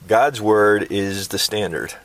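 A man's voice: lowish voice, slow, fairly bright tone, low-quality recording. A man co-hosting a casual Christian podcast, affirming and preacherly in his asides. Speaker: podcast co-host.

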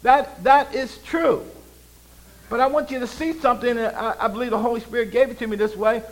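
Male pastor, high voice, call-and-response preaching, shifts from loud proclaiming to quiet asides. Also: fairly even intonation, brisk, low-quality recording. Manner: swings between loud proclaiming and low conversational asides. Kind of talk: sermon.

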